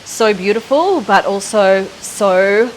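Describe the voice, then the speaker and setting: A woman's voice: mid-range voice, lively intonation, takes it slowly. An Australian woman in her thirties chats loosely to her audience, rambling with frequent ums and likes. She holds her camera herself and talks outdoors on a breezy waterfront. A faint hiss runs under the recording. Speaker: podcast host. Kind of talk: casual spiritual chat to camera. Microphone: handheld phone camera.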